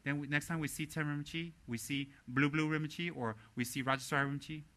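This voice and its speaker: A man giving a dharma teaching as a Buddhist teacher, animated and blunt, often slipping into mimicry of other people. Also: fairly high pitch, brisk.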